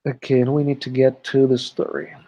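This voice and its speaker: A man's voice: medium pitch, completely flat delivery, fairly quick, dark tone. A man teaching an English class live online, explaining step by step and checking in often with "okay", heard through a computer mic on a video call. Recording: dull lo-fi online call audio.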